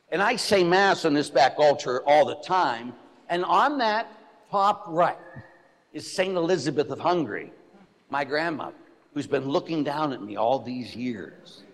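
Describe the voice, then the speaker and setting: A man, a Catholic priest, giving a blunt, animated, joking sermon to his listeners. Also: a little high, a little slow. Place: church. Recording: echoey church hall.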